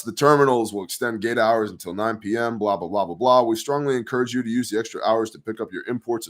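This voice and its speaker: Low-voiced sarcastic male news host. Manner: sarcastic, profane, conspiratorial. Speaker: host of a news commentary show. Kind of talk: casual news commentary.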